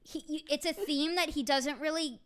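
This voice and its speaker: A young woman co-hosts a casual book-chat podcast, her voice high and bright. She gets animated, laughs often and slips into quoted lines. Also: moderate pace. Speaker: podcast co-host.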